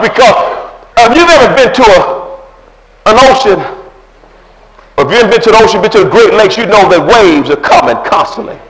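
A pastor preaching a sermon with impassioned, shouting delivery. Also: male voice, high voice, slight background noise. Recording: echoey room.

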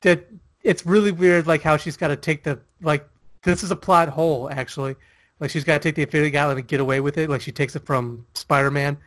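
A man's voice: on the high side, fairly even intonation, quick pace, fairly bright tone, no echo. A man co-hosting a casual chat, rambling with lots of fillers and laughing often. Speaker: podcast co-host.

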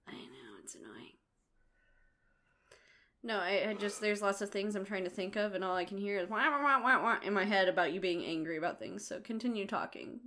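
A woman chatting casually with a bright, crisp tone. She explains things plainly and matter-of-factly, with a pitch in the middle range. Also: expressive, a little fast. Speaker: podcast co-host. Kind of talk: casual chat.

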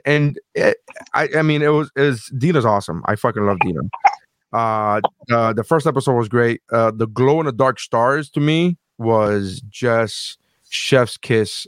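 A man at a middle pitch, hosting a loose podcast conversation. He gushes in long, rambling stretches, cursing often, and the sound is close and dry with no room around it. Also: lively intonation, measured pace, dry recording. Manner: enthusiastic, rambling, swears freely. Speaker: podcast host. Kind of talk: casual chat.

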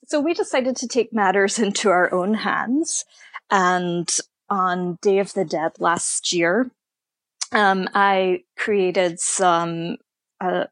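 A woman tour guide being interviewed, telling stories in an unhurried, thoughtful way. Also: on the low side, dry recording. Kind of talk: conversational storytelling interview.

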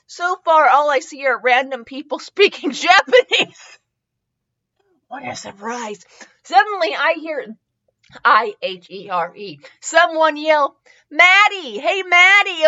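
A young woman with a high, bright voice reads a fanfiction aloud and keeps stopping to mock it. She spells out misspelled words letter by letter and laughs often. Her voice comes through dull, lo-fi podcast audio. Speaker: podcast host. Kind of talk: comedic dramatic reading of fanfiction.

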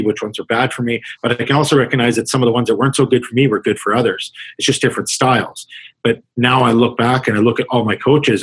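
A man who coaches hockey talks through his experiences on a podcast. His voice is husky and mid-pitched, and he rambles earnestly, often circling back to restart a thought. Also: a bit bright, low-quality recording. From Canada. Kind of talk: podcast interview answer.

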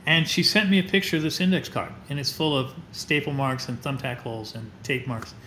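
A man's voice: medium pitch, fairly quick. A middle-aged man, a teacher and astronomer, telling heartfelt stories as a guest in a podcast interview. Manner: animated, heartfelt storyteller. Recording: roomy echo with faint noise.

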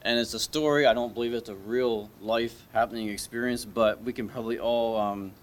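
Delivering a casual sermon at a church service, this man speaks briskly in a medium pitch with fairly even intonation. His talk is halting and conversational, full of restarts and questions aimed at the congregation.

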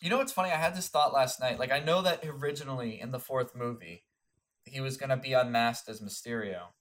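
A young man co-hosting a casual movie chat, relaxed and musing, often restarting his thoughts. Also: mid-range voice, brisk.

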